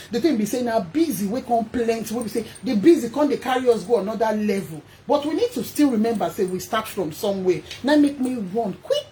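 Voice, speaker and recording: Animated Nigerian woman host. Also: on the high side, slight background noise. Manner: animated, emphatic, addresses viewers directly. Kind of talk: casual vlog monologue.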